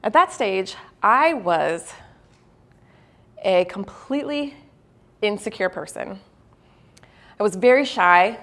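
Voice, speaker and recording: At a university event, a woman delivers a motivational keynote. She recounts a story at her own expense with lively, self-mocking humor and frequent laughter, then slows into a low, earnest tone for the lesson.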